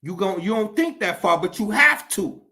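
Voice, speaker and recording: Male commentator, high-pitched and bright, profane and impassioned, preaching in rhetorical questions. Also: lively intonation, moderate pace. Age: adult. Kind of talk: impassioned monologue.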